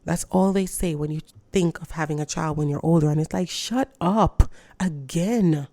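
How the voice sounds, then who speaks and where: A woman in her thirties vents in a blunt, profane, emphatic rant. Her voice sits low and mellow, and the sound is close and dry. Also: moderate pace, dry recording. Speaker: vlogger. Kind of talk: casual morning rant to camera.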